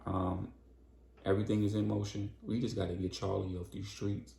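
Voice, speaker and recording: A man's voice: fairly low pitch, little pitch movement, moderate pace, creaky, dark tone, echoey room, slight background noise. A man casually recapping a story, in loose, slangy conversational talk.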